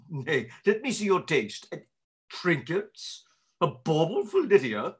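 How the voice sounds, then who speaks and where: A man reading a part aloud in a live play reading, blustering and gruff. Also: on the high side, sing-song, takes it slowly. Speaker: volunteer reader playing Sir Anthony.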